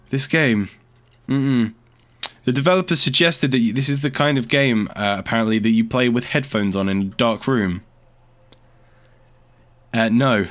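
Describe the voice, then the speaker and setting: A man's voice: on the low side, normal speed, pauses often, fairly bright tone. A man giving casual gameplay commentary as a let's play host, chatty and thinking aloud as he explores, easily startled.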